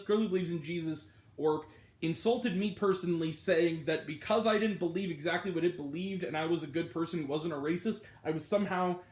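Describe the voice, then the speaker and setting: High-voiced ranting man in an echoey room. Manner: exasperated, ranting. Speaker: movie reviewer. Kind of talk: ranting video review.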